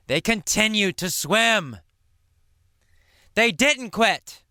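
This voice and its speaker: A man teaching English by telling a story slowly, asking questions and answering them himself. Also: high voice, expressive, pushed and bright, clear, resonant tone, no echo, clean studio sound. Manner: repeats and answers his own questions, dramatic swings to near whisper.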